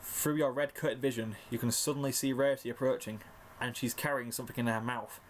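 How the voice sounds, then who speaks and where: Casting note: male reader, mid-pitched, hamming up the drama of a story read aloud. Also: fairly even intonation, fairly quick, slight background noise. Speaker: fanfiction reader. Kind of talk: dramatic narration of a second-person story.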